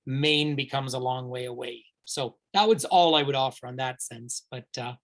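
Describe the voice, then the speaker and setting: A man's voice: mid-range voice, normal speed. A man hosting a live virtual tour and taking viewer questions. He talks chattily and enthusiastically in a mid-range voice, rambling through restarts and fillers as he thinks aloud. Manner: enthusiastic, recommends warmly.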